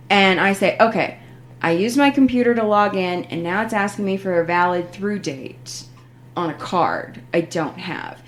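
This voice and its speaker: Woman host, casual chat, lively pitch, acts out the quoted lines. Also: a little hiss or hum. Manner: animated storyteller, acts out quoted phone reps. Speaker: podcast host.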